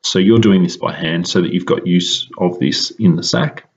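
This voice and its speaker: A deep-voiced man with a husky edge teaches a recorded lesson. He explains in a measured way and pauses often with ums. The recording sounds dull and lo-fi.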